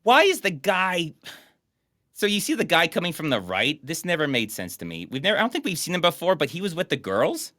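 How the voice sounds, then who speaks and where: A young man riffs on a terrible film with mocking sarcasm. His pitch bounces all over, his tone is bright, and the room sound is dry and close. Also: wildly swooping pitch, fairly quick, no echo. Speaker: co-host reviewing a bad movie. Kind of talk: casual comedic commentary.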